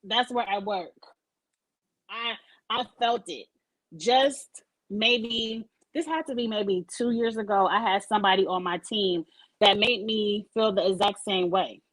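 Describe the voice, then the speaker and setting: A woman's voice: medium pitch, unhurried, fairly bright tone, low-quality recording. A woman hosting a casual live-stream chat over a video call, speaking emphatically and candidly and swearing freely. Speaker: host of a live-streamed talk show; supervisor at work.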